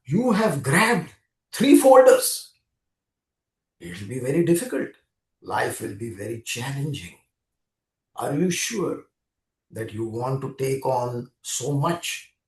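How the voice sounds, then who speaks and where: A man voicing God as a patient, fatherly male deity who gently warns, as part of a spoken story. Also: medium pitch, very animated, slow, pauses often, far from the mic, voice pushed down. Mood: cautioning. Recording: roomy echo.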